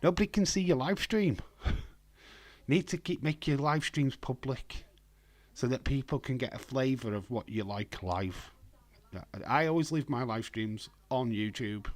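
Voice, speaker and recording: A man with a hoarse voice, hosting a casual live stream from home and talking in a blunt, rambling way. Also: mid-range voice, normal speed. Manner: blunt, rambling, profane, reads chat aloud.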